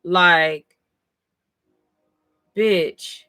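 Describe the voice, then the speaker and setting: A woman talking casually on a live stream, tired after a long session, excitable and full of swearing. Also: fairly low pitch, extremely slow, clear, resonant tone, no echo, clean studio sound. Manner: excitable, profane, emotional. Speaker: live-stream comic reader.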